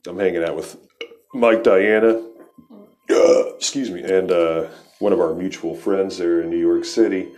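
A podcast host in his forties tells rambling, profane stories in a laid-back stoner manner on his show. His low voice is steady, unhurried and darkish in tone.

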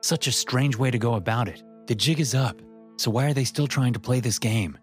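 A man's voice: medium pitch, a little fast, soft background music. A man giving scripted first-person horror narration in a tense storytelling manner.

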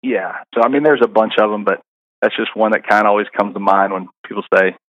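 A middle-aged man talks as a podcast guest, his voice sitting low. He rambles through stories with constant fillers and restarts. The sound is close and dry with no room around it. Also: fairly even intonation, quick pace, no room sound, muffled recording. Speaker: caddie guest. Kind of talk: casual interview storytelling.

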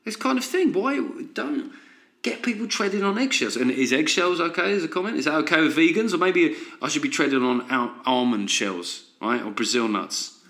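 A man's voice: a little high, expressive, moderate pace, a bit bright. A man hosting a solo comedy podcast, ranting sardonically and tossing in frequent "right?" asides. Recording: roomy echo.

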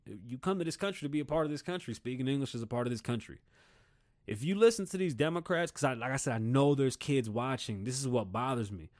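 This podcast host, a man in his thirties from Puerto Rico, talks fast with lively intonation in a mid-range voice. His casual rant is blunt, fiery, and packed with swearing.

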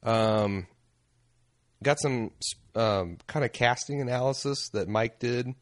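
A man co-hosting a casual podcast, joking loosely and reading listener emails aloud, his voice going hoarse. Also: mid-range voice, slow, dry recording, studio quality. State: losing his voice. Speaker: podcast co-host.

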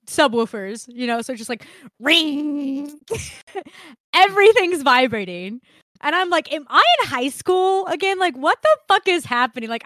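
A young woman co-hosting a podcast, telling a story in casual chat, animated, laughing often and swearing freely. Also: sits high, dry recording, clean studio sound. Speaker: podcast co-host.

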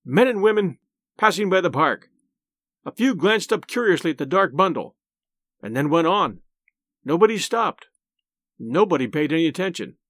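A man's voice: a little high, sing-song, moderate pace, pauses often, a bit bright, no room sound. A man narrating a horror story in a dramatic, suspenseful reading style. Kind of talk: audiobook narration.

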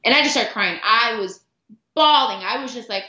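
A middle-aged woman guest telling a personal story earnestly, with halting restarts and repeated words. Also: a little high, expressive, sharp tone. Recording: roomy, dull lo-fi sound.

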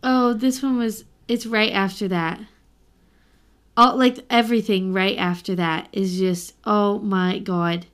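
A woman's voice: medium pitch, fairly even intonation, unhurried, clear, resonant tone. A young woman co-hosting a book podcast, gushing over the story and reading passages aloud with feeling. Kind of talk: casual chat.

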